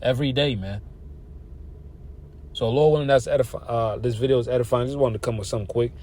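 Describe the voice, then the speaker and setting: A man with a voice of ordinary pitch delivers a casual sermon, reading verses slowly and stumbling over words. Between passages he breaks into loose, slangy commentary that grows fired up. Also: mellow. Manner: loose slangy preaching, reads verses haltingly, laughs and gets fired up. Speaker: religious teacher.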